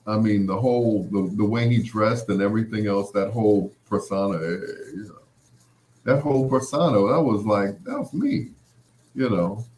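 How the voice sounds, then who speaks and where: Middle-aged guy, lowish voice, rambling chatty storytelling full of "you know"s. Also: a little mellow. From Chicago area. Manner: rambling, many "you know" fillers, acts out quoted lines. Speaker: podcast host. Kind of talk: casual storytelling chat.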